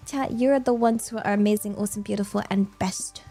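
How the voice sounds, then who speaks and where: A woman's voice: medium pitch, steady tone, a little fast, few pauses, dark tone, soft background music. A woman, chatting casually on a stream in a bubbly, rambling way with lots of fillers and giggles. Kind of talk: casual chat.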